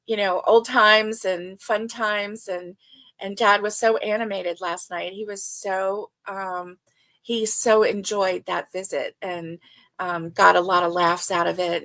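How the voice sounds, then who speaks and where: An older woman hosting a casual livestream chat, reading viewer comments aloud and talking with many fillers. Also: mid-range voice. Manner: chatty, warm, with many fillers. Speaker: livestream host.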